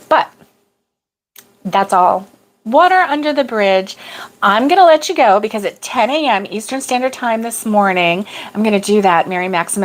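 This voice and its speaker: A middle-aged woman hosting a crochet livestream, chatting casually, chuckling and answering viewer comments as she goes. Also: medium pitch. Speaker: crochet channel host.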